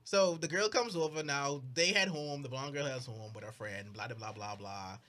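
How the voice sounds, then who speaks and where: A man's voice: mid-range voice, moderate pace. A young man co-hosting a podcast, casually recapping a plot and acting out the characters' lines. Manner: animated storyteller, acts out characters' lines, frequent restarts. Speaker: podcast co-host.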